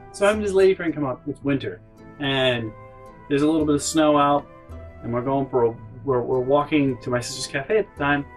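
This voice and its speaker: A man's voice: medium pitch, brisk, soft background music. A man hosting a storytime vlog, rambling and swearing as he tells family anecdotes. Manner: rambling, profane, animated. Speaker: channel host.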